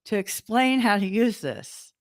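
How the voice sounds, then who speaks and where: A woman's voice: medium pitch, unhurried. Wry woman co-host. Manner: wry, animated storytelling. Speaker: podcast co-host. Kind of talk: casual chat.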